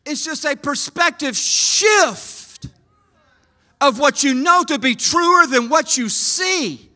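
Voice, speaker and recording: A man preaching a sermon at a conference, swinging from hushed lines to shouts and asking the crowd to raise hands. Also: very high voice, expressive, slow. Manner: talks with the crowd, asks for hands. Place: conference hall.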